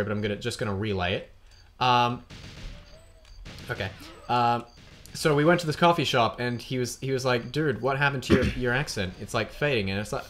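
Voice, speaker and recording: A man's voice: medium pitch, fairly bright tone. Young man, Australian accent, rambling, swears a lot, gameplay commentary, faint background noise. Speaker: let's play host.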